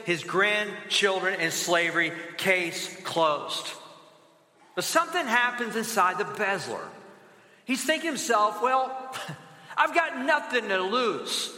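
A man preaching a sermon, telling a story and asking the audience rhetorical questions, with sudden deep drops in pitch for emphasis. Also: pushed and bright. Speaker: pastor. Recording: echoey hall with long reverb.

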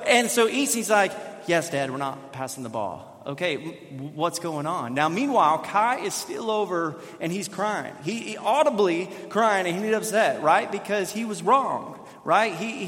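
A man with a fairly high voice preaches to his church, keeping it chatty with frequent "right?" asides. His words ring out with a long hall reverb. It sounds like a sanctuary sermon. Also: expressive, moderate pace, hardly any pauses, fairly bright tone. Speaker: pastor.

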